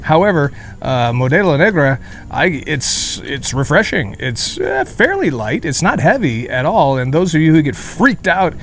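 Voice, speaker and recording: A man's voice: a little high, very animated, moderate pace, a bit bright, slight background noise. A man hosting a casual beer review vlog outdoors in a beer garden, chatty and rambling with jokey asides, sweating in the heat. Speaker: beer reviewer, channel host.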